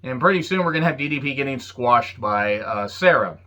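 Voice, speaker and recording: A man's voice: medium pitch, lively intonation, fairly quick, sharp tone. A man giving a casual, sarcastic and profane recap of an old wrestling show, full of jokey asides. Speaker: wrestling reviewer.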